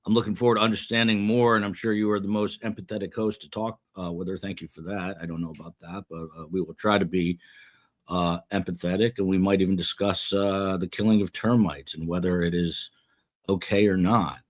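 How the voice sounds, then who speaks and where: Low-voiced rambling man, halting chat. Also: steady tone. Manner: rambling, self-deprecating, halting with fillers. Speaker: livestream host reading chat comments. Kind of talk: casual live commentary.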